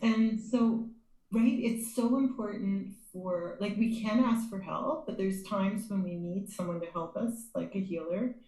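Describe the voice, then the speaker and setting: A woman podcast host speaking in a measured, affirming way, often checking for agreement. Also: mid-range voice, warm tone. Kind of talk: conversational interview. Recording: echoey room.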